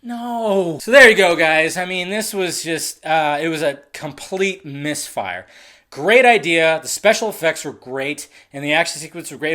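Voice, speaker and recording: Young movie reviewer ranting, swears a lot, goes from mumbling to yelling. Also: mid-range voice. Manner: profane and excitable, swinging from muttering to shouting. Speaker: film reviewer. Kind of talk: casual ranting film review.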